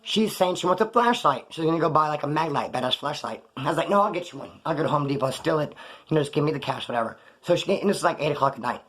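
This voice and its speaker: A man's voice: on the high side, animated, fast talker, a bit bright. Profane man telling prison stories. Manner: profane street slang, rambling. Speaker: storyteller recounting prison life. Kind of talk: casual monologue.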